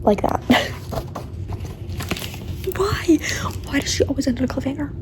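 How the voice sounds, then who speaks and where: High-voiced young woman, chatty and whispery. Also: a little slow, long pauses. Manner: chatty and animated, often dropping to a whisper and laughing. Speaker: book vlogger. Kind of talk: casual reading vlog. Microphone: camera facing the speaker.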